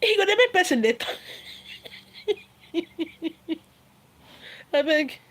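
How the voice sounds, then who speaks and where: A high-voiced middle-aged woman with a Nigerian accent talks casually on a livestream. She is animated and laughs often, mixing Pidgin and Igbo into her talk and acting out what people say. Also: slow. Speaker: livestream host.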